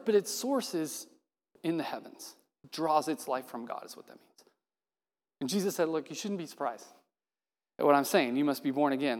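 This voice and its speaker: A man preaching in a casual, lively manner, his voice sitting a little high for a man. He voices the quoted dialogue as he goes, and his words ring out with a long reverb from a big hall. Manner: conversational and animated, acts out quoted dialogue. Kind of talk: sermon.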